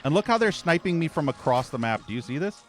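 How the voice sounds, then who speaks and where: A man's voice: on the high side, sing-song, quick pace, soft background music. A man doing let's play commentary, ranting at the game with a profane, exasperated edge. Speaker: gaming channel host.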